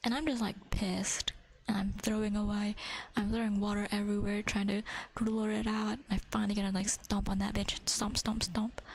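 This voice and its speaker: A woman's voice: mid-range voice, flat delivery, normal speed, husky, rough recording. A woman hosting an ASMR livestream, chatting in a casual whisper, giggly and swearing freely.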